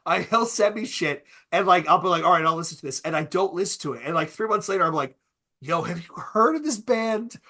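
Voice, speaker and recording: A man hosting a relaxed podcast conversation, his voice bright and forward and sitting a little high. He talks loosely, throws in quick asides and laughs, and swears freely. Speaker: podcast host. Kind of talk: casual chat.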